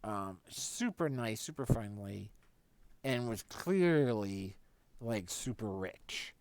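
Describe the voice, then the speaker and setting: A man's voice: lowish voice, animated, slow pace, a little mellow, no echo. A man vlogging, telling a casual anecdote in a rambling way with lots of fillers and restarts. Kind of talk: casual storytelling.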